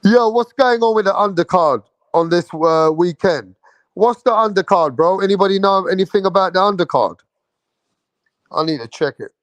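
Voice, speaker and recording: A man's voice: sits high, moderate pace, dry recording. A man hosting a boxing show, chatting casually and slangily straight to his viewers. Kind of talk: casual livestream chat.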